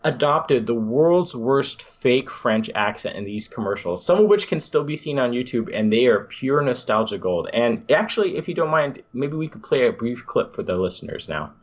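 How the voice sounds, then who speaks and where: A man's voice: medium pitch, sing-song, normal speed, few pauses, lo-fi sound. A man hosting a podcast, chatting casually and enthusiastically with some rambling restarts. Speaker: podcast host.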